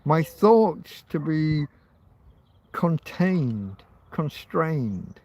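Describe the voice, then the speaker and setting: A man's voice: fairly high pitch, big pitch swings, extremely slow, a little mellow. A man hosting an informal livestream, ranting heatedly and swearing, with phrases repeated for emphasis. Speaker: livestream host.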